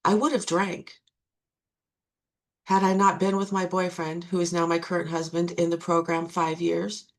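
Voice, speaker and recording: A woman's voice: on the low side, little pitch movement, normal speed. A middle-aged woman sharing her recovery testimony, earnest and repeating key phrases for emphasis.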